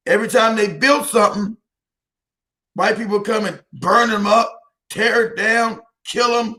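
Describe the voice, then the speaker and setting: An emphatic man from the United States speaks as an interview guest, his voice sitting high and sounding bright and forceful. He circles back over his own phrases and breaks into laughter between points. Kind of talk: heated interview talk.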